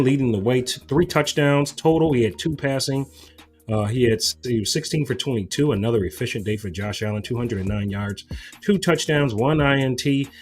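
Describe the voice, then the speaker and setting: A man's voice: mid-range voice, husky. A man co-hosting a casual sports talk show, going through game statistics with frequent "uh" fillers.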